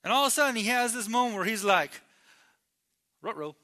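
A man from New Mexico preaching a sermon, telling a story with acted-out voices and swinging between loud and hushed delivery. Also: very high-pitched, rapid-fire. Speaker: pastor.

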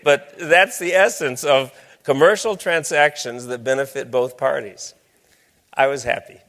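A man's voice: medium pitch, unhurried, a bit bright. A man giving a lecture with slides, talking in a conversational, storytelling way. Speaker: speaker.

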